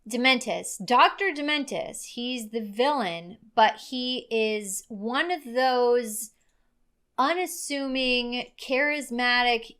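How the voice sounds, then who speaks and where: A woman with a higher-pitched, bright voice talking through a film review with her co-host. Her manner is casual and chatty, and laughter often creeps into her words. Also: clear, resonant tone. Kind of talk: casual chat.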